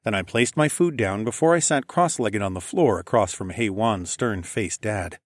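A man reading a first-person novel aloud in a calm, even storytelling manner. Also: on the low side, no echo, clean studio sound. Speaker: audiobook narrator. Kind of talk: first-person scripted narration.

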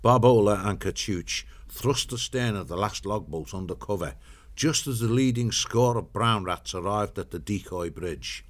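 A man narrating a storybook in a steady, measured way. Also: lowish voice.

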